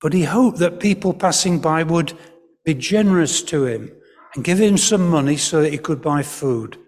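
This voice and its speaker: A man preaching a storytelling sermon at an all-age church service, gently guiding the congregation to join in. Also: fairly high pitch, animated, moderate pace. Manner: gentle storyteller, leading the congregation in call-and-response. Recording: long church hall reverb.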